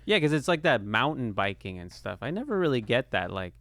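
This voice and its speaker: A man's voice: mid-range voice, very animated, brisk, a bit bright, no room sound. A man guesting on a podcast as a comedian, talking in a dry, understated way. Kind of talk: casual chat.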